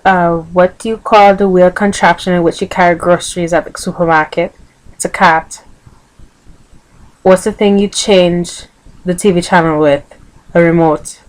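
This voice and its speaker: A woman's voice: fairly low pitch, fairly even intonation, normal speed, poor audio. A woman with a Vincentian accent chatting casually in a vlog, hesitant, with many ums, on a computer microphone. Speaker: vlogger. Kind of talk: casual accent tag video.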